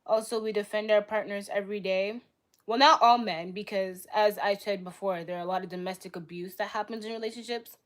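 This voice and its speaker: A young woman hosting a live stream, arguing bluntly with her chat in rapid-fire retorts. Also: medium pitch, steady tone. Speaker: livestream host.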